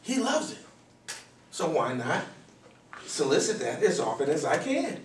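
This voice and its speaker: A man giving a live motivational talk to students, telling stories in an animated way, acting out voices and sometimes shouting. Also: on the high side, a little slow. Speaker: motivational speaker. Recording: echoey hall from far off, faint noise.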